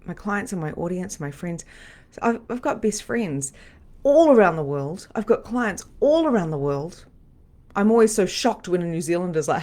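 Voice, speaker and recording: A middle-aged woman, a medium and spiritual coach, teaching on a live stream in a chatty, animated, repetitive way. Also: fairly low pitch, moderate pace.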